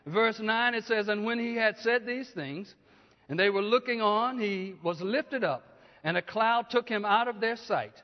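A man preaching a sermon, often asking the congregation questions and rising to loud, emphatic peaks. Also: high-pitched, unhurried. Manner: call-and-response preaching, asks the congregation questions. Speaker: pastor. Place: church. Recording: dull lo-fi church hall recording.

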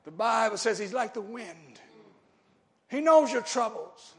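A male preacher giving a sermon, often asking the congregation short questions and moving between loud shouting and quiet, low talk. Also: lively intonation, unhurried, vocal fry.

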